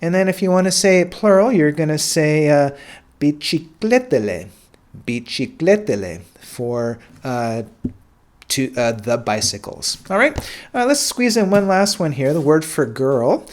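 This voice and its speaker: An American man teaching a casual language lesson in a relaxed way, filling pauses with "uh" and "all right" and repeating words slowly. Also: fairly high pitch. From United States.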